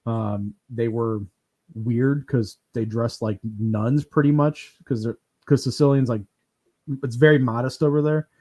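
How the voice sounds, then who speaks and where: A man hosting a podcast in casual chat, telling lively stories, acting out what others said, laughing and swearing as he goes. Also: medium pitch, unhurried. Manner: animated storyteller who acts out quotes, laughs and swears often. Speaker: podcast host.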